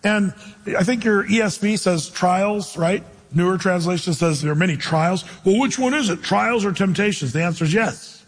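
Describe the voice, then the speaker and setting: A male pastor preaches in a chatty, animated way, tossing in jokes between his points. His voice sits fairly high for a man and has a husky edge. A long reverb rings after his words, as in a big church hall. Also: moderate pace. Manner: animated, conversational preaching with jokey asides. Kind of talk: sermon.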